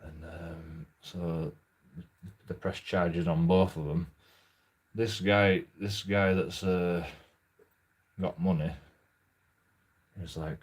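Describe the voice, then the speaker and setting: A man telling a story in a casual, rambling monologue. He talks haltingly and swears freely. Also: low voice, flat delivery, husky. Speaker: channel host.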